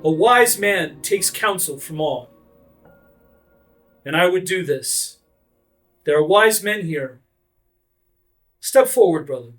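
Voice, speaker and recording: Man playing a cruel noble lord, pompous, menacing, theatrical, loud and raised in pitch, soft music behind. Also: measured pace, pauses often, lightly acted.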